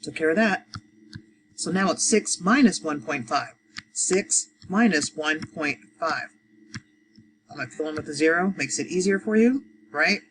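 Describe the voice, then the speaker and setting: A woman walks learners through a math problem one step at a time. She counts out loud, pauses often, and talks in an easy, unhurried way. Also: low-pitched, expressive, noisy background. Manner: talks through each step, counts aloud, frequent fillers. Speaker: adult education math teacher.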